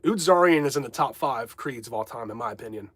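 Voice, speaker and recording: A man's voice: mid-range voice, lively intonation, fast, fairly bright tone, breathy edge, no room sound. A man hosting a casual livestream from home, chatting candidly, rambling and reading chat comments aloud. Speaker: livestream host.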